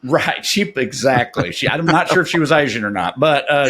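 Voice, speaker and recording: A man's voice: medium pitch, normal speed, a little hiss or hum. A man, co-hosting a podcast and telling a story in casual chat, rambling with lots of fillers. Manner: rambling, many "like" fillers, animated retelling. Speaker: podcast co-host.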